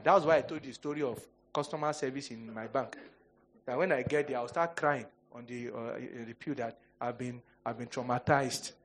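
A male pastor preaching a sermon, telling humorous stories and acting out quoted voices. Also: mid-range voice. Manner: animated storytelling, jokes and mock quotes.

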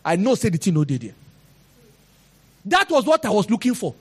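A man's voice: high voice, huge pitch swings, normal speed, husky. A man with a Nigerian accent preaching a sermon and telling his own testimony, acting out the people he quotes.

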